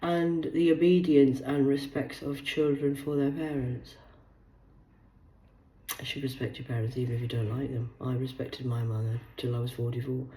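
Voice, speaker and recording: A woman in her forties, losing her voice, who rambles, swears and swings between loud bursts and hushed asides as she hosts a solo chat. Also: very deep voice, fairly even intonation, moderate pace, roomy sound, poor audio. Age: 40s. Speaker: host. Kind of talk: rambling solo live chat reading aloud.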